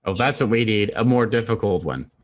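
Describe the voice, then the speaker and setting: Over a video call, a man co-hosts a casual online guessing game, joking around and reading out viewers' guesses in live-stream chat. His voice is fairly low, fairly quick and lively in intonation.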